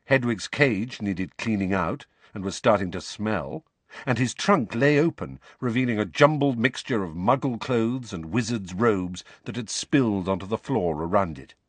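A man narrating a fantasy novel as an audiobook reader, expressive storytelling. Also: fairly low pitch, normal speed, no echo. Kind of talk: scripted narration.

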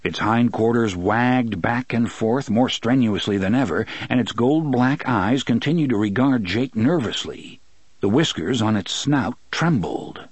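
A man narrating an audiobook with expressive storytelling. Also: medium pitch, measured pace, slightly rough, no echo. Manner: expressive storytelling, many voices. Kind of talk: scripted narration.

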